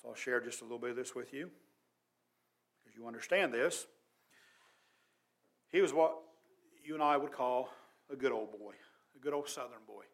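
A man preaching a sermon as pastor, earnest and emphatic, his voice swelling loud and dropping quiet. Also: medium pitch, moderate pace, creaky, long pauses.

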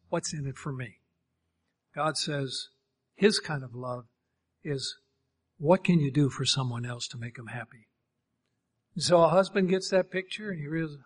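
Man, high voice, preacher, sermon, emphatic, cites scripture. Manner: emphatic, quotes scripture and acts out little voices.

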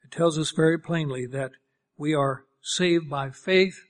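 High-voiced man preaching a sermon. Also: unhurried. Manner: emphatic, quotes scripture and acts out little voices.

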